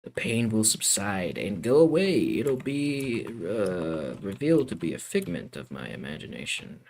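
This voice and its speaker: A young man streaming, chatting casually, rambling, swearing freely and drifting between loud bursts and mutters. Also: on the low side, sing-song, a little slow. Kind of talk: casual livestream chat.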